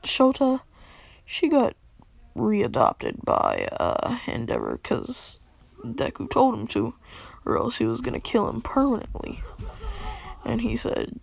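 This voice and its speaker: A woman's voice: on the high side, huge pitch swings, slow, gravelly, long pauses, husky, no room sound. A young woman casually telling a made-up fan story, rambling with lots of fillers.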